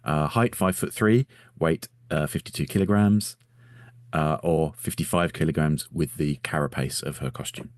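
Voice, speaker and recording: Very deep-voiced man, dry close sound. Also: moderate pace, no room sound. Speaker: podcast co-host. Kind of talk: casual comedic chat.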